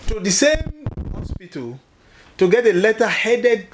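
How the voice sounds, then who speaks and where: A Nigerian man with a Nigerian accent, a guest telling his own story in an animated way and often repeating himself. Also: high-pitched, measured pace.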